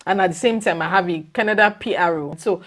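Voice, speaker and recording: A young woman vlogging casually to her viewers, animated and exclamatory, her voice leaping up when she makes a point. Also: quick pace. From lives in the UK. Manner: animated and exclamatory, leaps up in pitch when emphatic. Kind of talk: casual vlog chat.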